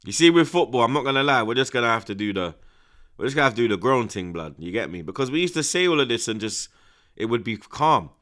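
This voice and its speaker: A young man giving excitable, slang-heavy live commentary on a football match, dropping to hushed mutters and bursting into loud outbursts. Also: medium pitch, fast. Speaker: football watch-along streamer.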